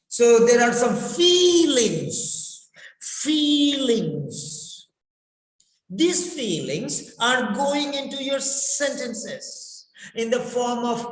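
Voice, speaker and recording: Very slow, high-voiced male teacher. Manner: slow, deliberate, repeats key words. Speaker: English speaking teacher. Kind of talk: spoken lesson. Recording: echoey room with long reverb.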